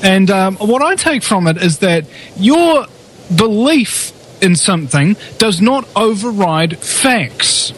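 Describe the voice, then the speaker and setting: A man's voice: high-pitched, big pitch swings, slow pace, a little hiss or hum. A man hosting a call-in talk radio show, chatty and rambling, fond of telling jokes.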